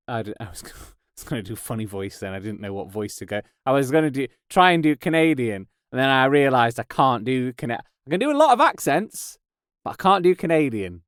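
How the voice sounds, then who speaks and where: Chatty guy rambling and laughing at himself, smooth voice, dead dry padded booth. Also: fairly high pitch, sing-song, fairly quick, no room sound. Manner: rambling, self-mocking, laughs and restarts a lot. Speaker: podcast host and voice actor. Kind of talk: casual monologue. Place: padded home studio booth.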